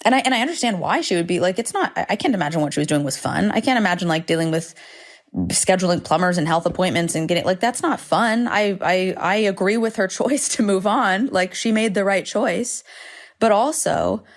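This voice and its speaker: A woman's voice: medium pitch, brisk. A woman hosting a solo podcast from home, talking candidly and rambling with frequent swearing and self-deprecating asides. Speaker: podcast host. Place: home, indoors.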